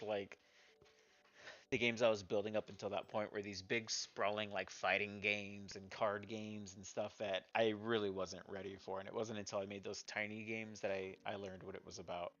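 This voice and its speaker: The streamer and indie developer speaks in a lowish, level voice with a fairly bright tone and moderate pace, though the audio is dull. Rambling and filler-heavy, he makes fun of himself while chatting about the small games he has built.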